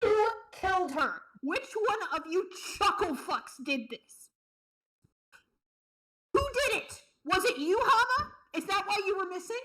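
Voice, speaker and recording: A woman streamer reacting to a fan game, loud and swearing, swinging between shouting and near tears. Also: extremely high pitch, lively intonation, measured pace. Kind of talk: emotional reaction commentary.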